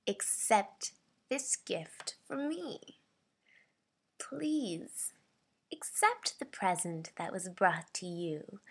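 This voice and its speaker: A woman's voice: sharp tone, husky, heavily acted. A woman doing a menacing, sinister woman. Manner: slow, low and half-whispered.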